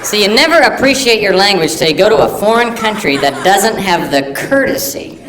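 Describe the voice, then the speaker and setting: A man performing a live stand-up routine, mock-earnest and rambling, with sudden loud silly outbursts. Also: high voice, expressive, fairly quick, crowd noise. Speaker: stand-up comedian. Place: live comedy venue with audience. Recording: echoey live recording from a distance with audience noise.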